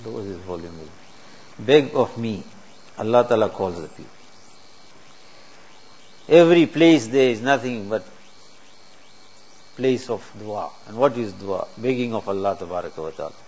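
A man's voice: on the low side, expressive, normal speed, pauses often, darkish tone. A man preaching a sermon in a mosque, earnest and teaching through rhetorical questions. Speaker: Islamic preacher. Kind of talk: sermon to a congregation. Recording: dull lo-fi recording with faint hiss.

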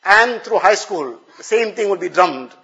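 Man preaching, fairly high voice, earnest, keeps repeating phrases to hammer points, muffled lo-fi sound. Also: expressive, normal speed, vocal fry, pushed and bright. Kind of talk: sermon.

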